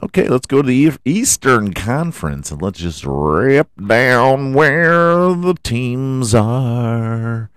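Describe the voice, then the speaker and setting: A man hosting a casual solo sports podcast, rambling and profane, with a scratchy throat he keeps clearing. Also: mid-range voice, very animated, slow pace, dry recording, clean studio sound. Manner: rambling, profane, self-mocking asides. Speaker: podcast host.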